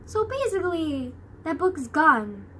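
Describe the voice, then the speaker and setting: A woman's voice: high voice, very animated, a little slow, fairly bright tone, slight background noise. A young woman vlogging in a rambling, casual way, full of "like" and swearing. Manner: rambling, filler-heavy, swears a lot. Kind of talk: casual chat.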